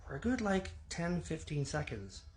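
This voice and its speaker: A man from Canada, a former tour guide, telling an animated, incredulous story in casual speech. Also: a little high, moderate pace, crowd noise.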